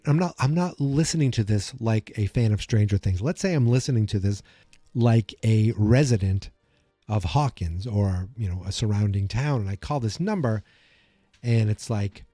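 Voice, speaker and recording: Male solo podcaster, rambling and speculative, with a mellow tone and faint music underneath. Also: fairly low pitch, no room sound, clean studio sound. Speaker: podcast host. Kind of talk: casual solo podcast commentary.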